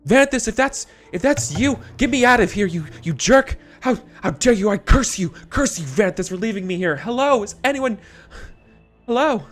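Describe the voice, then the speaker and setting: A man voicing a trapped, panicked real estate man's ghost, shrill and pleading. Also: expressive, moderate pace, faint music behind.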